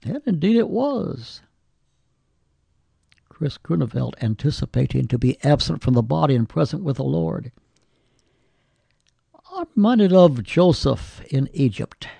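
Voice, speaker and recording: A man delivers a sermon in an unhurried, measured cadence, leaning on old-style scripture phrasing. His voice is gravelly and dark, yet sits slightly high for a man. The sound is close and dry. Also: sing-song, no room sound. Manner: slow, deliberate delivery with scripture quoted in old English. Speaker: preacher.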